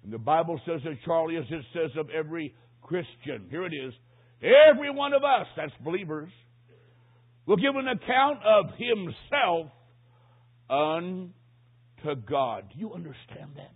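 Husky preacher over a tinny line. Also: male voice, on the high side, expressive, a little slow. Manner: dramatic storytelling, swings from hushed to loud. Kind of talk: sermon. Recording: tinny phone-like recording.

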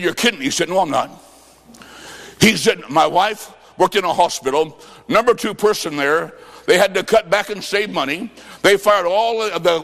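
A man preaching a revival sermon, fervent, with shouted bursts and stories told in quoted dialogue. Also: high voice. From US Midwest. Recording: long reverb of a large hall.

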